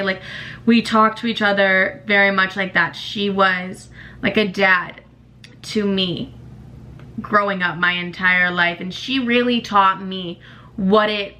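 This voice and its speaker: A young woman speaks candidly on her podcast, blunt and openly emotional, with plenty of swearing. Her voice is bright and forceful, sitting at a middle pitch. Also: normal speed. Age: young adult. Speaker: podcast host. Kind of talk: candid personal monologue.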